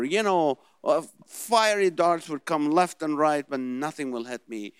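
A man's voice: on the high side, a little slow, clear, resonant tone, no echo. A man preaching a sermon, asking rhetorical questions and mimicking worried voices. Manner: animated, rhetorical questions, mocking imitations of worried people. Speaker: pastor.

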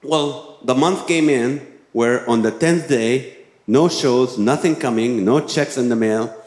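A man's voice: medium pitch, unhurried, a little mellow. A man preaching a sermon as a pastor, telling a personal story and then urging his listeners with emphatic exhortations. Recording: roomy echoing hall.

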